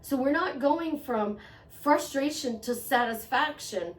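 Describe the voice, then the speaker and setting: A woman's voice: sits high, animated, slow pace. Earnest woman giving advice in an echoey room. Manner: earnest, conversational, repeats phrases for emphasis. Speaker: self-help vlogger. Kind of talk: motivational monologue to camera. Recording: echoey room, voice a bit far from mic.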